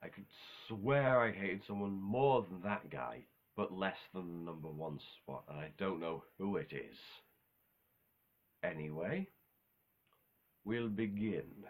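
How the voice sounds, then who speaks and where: A video host ranking game villains talks in a casual, unscripted monologue, rambling offhandedly with self-corrections and casual swearing. His voice sits low and his pace is slow.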